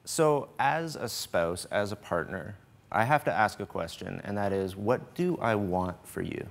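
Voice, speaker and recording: Guest man in his 40s, lowish voice, easygoing and joking, thoughtful delivery. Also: animated, a little slow, creaky. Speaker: host's husband, guest. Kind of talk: casual on-stage conversation. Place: studio stage with live audience.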